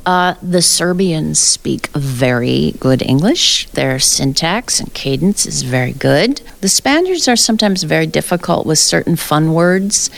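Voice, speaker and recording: A woman being interviewed about her work transcribing tennis players' press conferences. She speaks in a low voice with a gravelly edge and tells her anecdotes in a chatty, storytelling way. She laughs easily between stories. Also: lively intonation, unhurried, hardly any pauses. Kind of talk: interview conversation.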